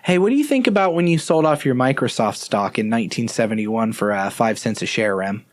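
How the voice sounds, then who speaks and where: A man's voice: medium pitch, expressive, fairly quick. A man co-hosting a podcast in casual chat, with dry sarcastic teasing. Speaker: podcast co-host.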